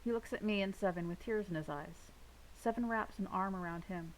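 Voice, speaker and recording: A woman reading a novel aloud with steady first-person narration. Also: on the low side, fairly quick, slight background noise, rough recording. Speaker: audiobook reader.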